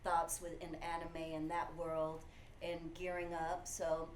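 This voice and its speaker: A woman in the music industry telling stories in a casual conversation, animated, with lots of "you know". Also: low-pitched, takes it slowly. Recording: echoey room with faint noise.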